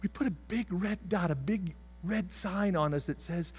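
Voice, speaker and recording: A man preaching a sermon as pastor, swinging from loud shouts to soft whispers and acting out voices. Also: high-pitched, normal speed, a little hiss or hum.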